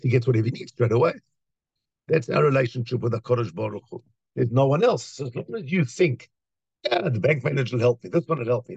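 A man giving a lively Torah talk, telling a story and acting out the voices of its people. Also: mid-range voice, vocal fry, slightly rough, no echo, lo-fi sound. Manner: animated storyteller, acts out voices, many restarts. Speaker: rabbi.

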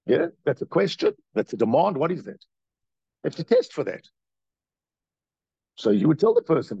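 A man leads a Torah lesson, firing off rhetorical questions as his voice swings up and down with a gravelly edge. The recording is dry and slightly muffled. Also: a little high, wildly swooping pitch, fairly quick, long pauses, darkish tone, no echo. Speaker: rabbi teaching a class. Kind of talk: Torah class lecture.

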